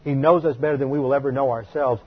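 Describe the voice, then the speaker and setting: A man's voice: mid-range voice, fairly even intonation, fast talker, breathy edge. A man preaching a teaching sermon, emphatic and methodical, spelling out terms and repeating figures for his listeners to note down. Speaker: pastor. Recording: dull lo-fi recording.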